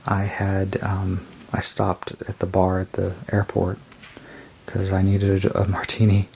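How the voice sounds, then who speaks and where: Gravelly, husky low-voiced man. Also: monotone, a little mellow. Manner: rambling and unhurried, describing cards as he goes. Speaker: tarot deck reviewer. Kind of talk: casual show-and-tell review.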